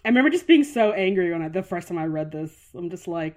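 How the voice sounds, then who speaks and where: A woman's voice: fairly low pitch, expressive, quick pace. A woman co-hosting a podcast, chatting casually and frankly with plenty of swearing. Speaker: podcast co-host.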